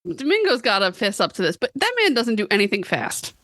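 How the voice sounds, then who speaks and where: A woman hosting a podcast, reacting with quick laughs, gasps and exclamations in casual chat. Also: on the high side, big pitch swings, fairly bright tone, no echo, clean studio sound. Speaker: podcast host. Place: podcast recording.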